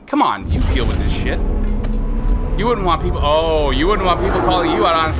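A man in his thirties streaming a video game, talking candidly and rambling, trailing off, then bursting into high excited reactions at the game. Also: brisk, heavy background noise. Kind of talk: casual let's-play commentary.

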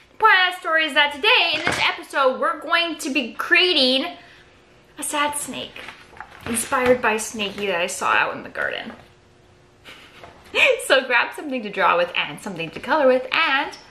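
A woman's voice: high-pitched, sing-song, moderate pace, background noise. A woman running a playful kids' drawing tutorial, telling a story and guiding each step. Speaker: art teacher for kids.

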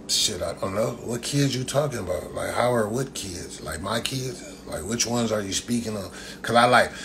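A man's voice: lowish voice, creaky, background noise. A man ranting casually and profanely at commenters on his livestream, throwing in "blood" after nearly every line. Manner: loose, profane trash talk, repeats "blood" constantly. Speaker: livestream host.

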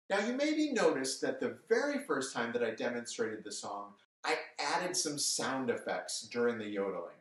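A man teaching a music lesson to children on television, cheerful and brisk as he talks straight to the kids. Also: medium pitch, sing-song. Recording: echoey room, mic at a distance.

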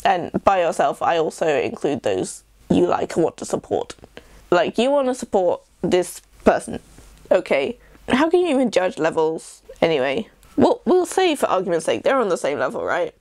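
Young english woman rambling to camera, swoopy lively pitch, dry close sound. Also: moderate pace, no room sound. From England. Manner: chatty, rambling, self-deprecating. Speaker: YouTuber. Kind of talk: rambling casual vlog chat.

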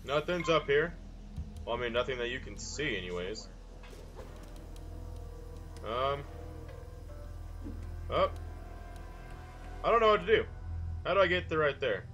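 Young man, gameplay commentary, goofy exclamations, bright voice, faint music behind. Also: medium pitch, big pitch swings, unhurried, long pauses, lo-fi sound. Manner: goofy, with silly mild exclamations. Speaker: gameplay video host. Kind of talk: casual let's-play commentary.

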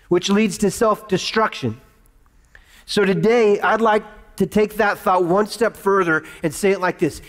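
A man in his thirties preaches from a church stage, his voice sitting high for a man. He leads his listeners in call-and-response and repeats key phrases for emphasis. The sound rings with a long hall reverb. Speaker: pastor. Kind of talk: sermon. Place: church auditorium.

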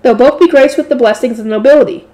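A woman's voice: sits high, fast talker, lightly acted. A woman reading aloud and voicing a cheerful, naive young shrine maiden in a light novel. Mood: bright. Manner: bright, pleading.

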